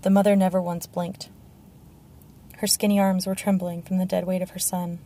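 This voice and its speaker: Mellow, even-toned woman narrating. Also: fairly low pitch, moderate pace. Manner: steady, even storytelling. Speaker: audiobook narrator. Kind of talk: scripted narration.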